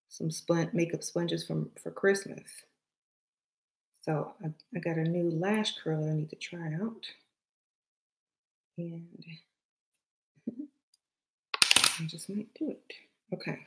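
A woman's voice: fairly low pitch, vocal fry, rough recording. A middle-aged woman with a Southern accent chatting casually through a makeup tutorial, playful and often dropping to a murmur. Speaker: beauty vlogger.

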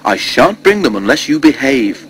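A man's voice: mid-range voice, sing-song, normal speed, fairly bright tone, a little hiss or hum, voice pushed up. A man voicing Edward, a patient, good-humoured older male engine who keeps the twins in line. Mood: firm.

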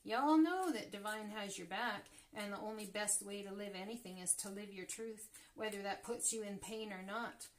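A woman's voice: mid-range voice, moderate pace, hardly any pauses. A woman reading tarot cards for her viewers, often gasping and exclaiming as cards turn up. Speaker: tarot reader. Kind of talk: casual tarot reading to camera.

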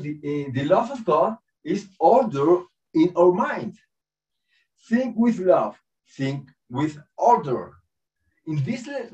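A man giving a spiritual talk with prayer, halting and searching for words in a second language, chuckling often between thoughts. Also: high voice, a little mellow. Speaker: spiritual teacher. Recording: dull, distant lo-fi call audio.

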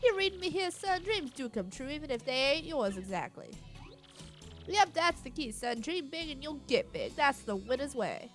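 A woman's voice: high-pitched, big pitch swings, normal speed, soft background music, pitched above the performer's own voice. Woman doing a folksy, boastful old promoter. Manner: folksy drawl, calls everyone son. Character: folksy older male fight promoter, boastful.

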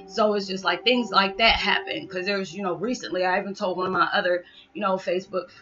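A woman's voice: mid-range voice, steady tone, a little fast, bright, forceful tone. A woman talking casually to her viewers in a rambling vlog monologue, full of "you know" and "it's just like.". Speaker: spiritual vlogger. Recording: dull lo-fi sound.

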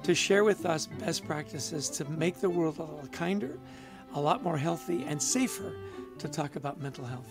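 Gravelly upbeat male podcast co-host. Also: fairly high pitch, lively intonation, moderate pace, over music. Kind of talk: casual podcast chat.

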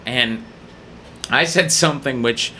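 A man, a guest comedian on a studio podcast, telling a profane story in an animated way, laughing often and acting out the people in it. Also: mid-range voice, takes it slowly, a little hiss or hum.

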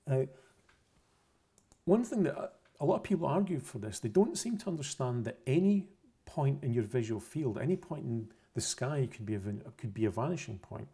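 A man's voice: mid-range voice, expressive, normal speed, mellow, husky. A man explaining a science topic over pictures, unscripted, methodical and repetitive, often correcting himself mid-phrase. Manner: methodical, repeats points, self-corrections.

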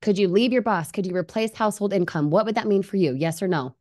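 An upbeat woman, likely in her thirties, hosts a live online webinar. She speaks in a persuasive, energetic way at a middle pitch, keeps putting questions to her viewers and reads their comments aloud as she goes. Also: quick pace. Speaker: livestream presenter.

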